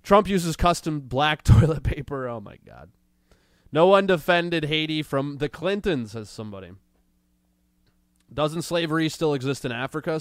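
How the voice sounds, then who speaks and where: Male host, sarcastic commentary, a bit under the weather; smooth, close and dry. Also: fairly high pitch, fairly bright tone, dry recording. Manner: sarcastic, mocking, drawn-out jokes. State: has a cold. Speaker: livestream show host. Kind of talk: casual commentary reacting to clips and chat.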